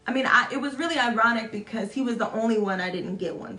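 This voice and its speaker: A fast-talking young woman vlogger with a bright, forceful tone tells a casual story to camera, full of swearing, self-mockery, and quotes acted out in high voices. The echoey room recording carries a slight hiss or hum.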